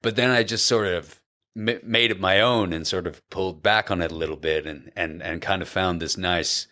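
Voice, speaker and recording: A man's voice: low voice, moderate pace, bright, forceful tone, no room sound. An Australian actor, a man, chatting animatedly as a podcast guest, with lots of restarts. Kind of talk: casual podcast chat.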